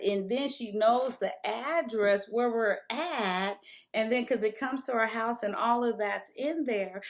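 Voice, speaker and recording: A woman telling a personal story to camera in a candid, casual way, stopping and restarting as she remembers. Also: a little high. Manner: candid, emotional retelling with frequent restarts.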